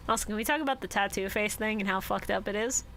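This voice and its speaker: A woman co-hosting a casual podcast chat, excited and swearing as she talks, on a home mic. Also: mid-range voice, fast talker, a little hiss or hum. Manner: excited, swears, laughs along. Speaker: podcast co-host.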